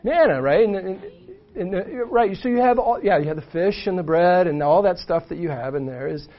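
A man teaching a conversational Bible lesson, animated, checking in with "right?" after many points. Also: sits high, normal speed. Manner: animated, frequent "right?" asides, restarts. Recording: muffled lo-fi recording.

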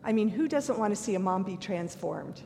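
A woman's voice: lively intonation, moderate pace, creaky, dark tone. An older woman giving a sermon, earnest and candid, mixing scripture with self-deprecating stories from her own life. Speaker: preacher. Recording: long hall reverb, faint rumble.

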